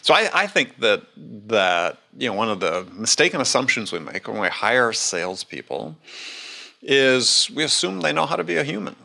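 A man's voice: mid-range voice, sing-song, moderate pace, creaky, sharp tone. A man speaking as a guest in a casual interview, making emphatic points and repeating key phrases. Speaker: sales expert guest.

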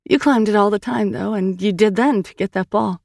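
A woman's voice: medium pitch, moderate pace, creaky, darkish tone, no echo, studio quality, pitched above the performer's own voice. A woman doing an earnest young sister pleading. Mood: urgent. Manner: urgent and reassuring.

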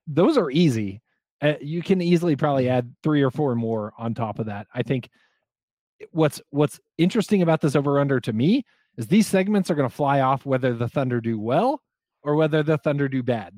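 A man's voice: animated, a little fast, a little mellow, dry recording, clean studio sound. Confident man riffing on a sports podcast. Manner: confident, mimics pundits with rising pitch. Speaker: podcast co-host. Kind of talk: casual sports podcast chat.

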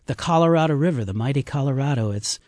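A man's voice: medium pitch, lively intonation, quick pace, darkish tone, no room sound, studio quality. A man who guides river rafting trips, telling heartfelt, reflective stories as a radio interview guest. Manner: heartfelt, reflective storytelling with fillers.

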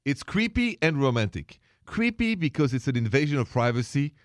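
A man with a French accent, co-hosting a radio talk show in quick, chatty conversation. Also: medium pitch, no room sound, clean studio sound. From France. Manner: quick, chatty, repeats words when excited. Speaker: radio co-host. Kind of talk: casual chat.

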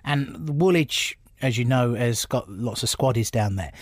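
A middle-aged man from England, telling stories from his stand-up career in an animated, laughing way. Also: mid-range voice, a little slow, dry recording, studio quality. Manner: animated storyteller, laughs often. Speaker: comedian guest. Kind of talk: casual anecdotal chat.

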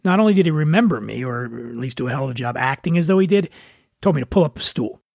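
Gravelly host telling a wry story. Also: male voice, medium pitch, fast talker, dry recording, studio quality. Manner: relaxed, wry, conversational. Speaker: podcast host. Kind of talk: storytelling monologue.

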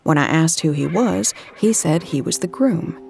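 A woman's voice: low voice, expressive, moderate pace, gravelly, darkish tone, a little hiss or hum. An actress playing a troubled female agent who narrates her own story in first person in an audio drama. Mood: tense. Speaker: narrator and lead character.

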